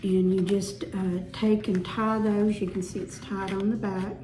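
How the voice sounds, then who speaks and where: A woman's voice: medium pitch, level tone, a little slow, noisy background. A woman with a Southern US accent casually showing off her home decor haul in a chatty, folksy way. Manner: chatty, folksy, gushing over items. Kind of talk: casual show-and-tell haul. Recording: echoey room with faint music.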